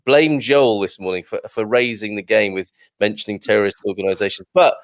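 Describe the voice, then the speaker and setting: A man's voice: fairly low pitch, fairly even intonation, a little fast, dry recording, clean studio sound. A man hosting a live morning show, chatting jovially and reading out viewer comments. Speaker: show host.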